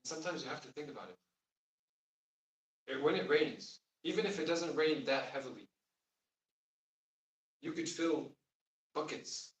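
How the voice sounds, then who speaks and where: A man's voice: fairly high pitch, expressive, measured pace, long pauses. A man teaching a class on the Arabic of the Quran, explaining patiently and asking the students questions. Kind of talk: classroom lesson. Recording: roomy sound from far off.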